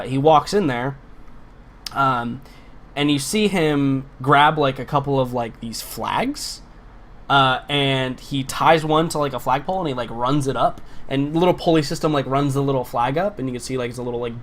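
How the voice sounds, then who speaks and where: A man's voice: medium pitch, moderate pace, a bit bright. Rambling male game master. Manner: loose, filler-heavy narration. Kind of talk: narrating a tabletop game.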